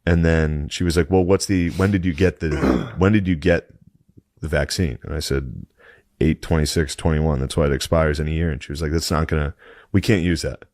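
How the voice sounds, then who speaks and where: A man's voice: very deep voice, normal speed, a little mellow, no echo. A man co-hosting a podcast, telling a rambling, crude story with mock outrage and frequent swearing. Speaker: podcast co-host. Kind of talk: casual profane storytelling.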